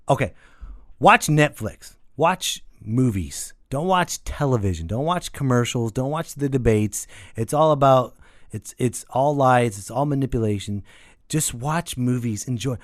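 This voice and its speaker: A man's voice: medium pitch, dry recording, studio quality. A man hosting a podcast, delivering a casual, sarcastic, ranting monologue with plenty of swearing. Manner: animated, sarcastic, swearing freely. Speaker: podcast host.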